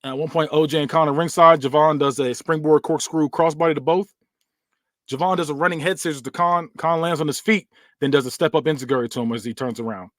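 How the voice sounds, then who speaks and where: A man's voice: fairly high pitch, steady tone, fast talker, no room sound. A young man, a podcast host, casually narrating a made-up wrestling story with frequent fillers. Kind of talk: fantasy booking narration.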